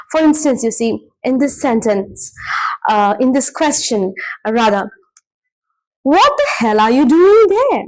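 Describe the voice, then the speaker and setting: A woman's voice: sits high, darkish tone, poor audio. A woman teaching an English lesson, stressing key words and often checking in with "right?". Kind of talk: classroom lecture.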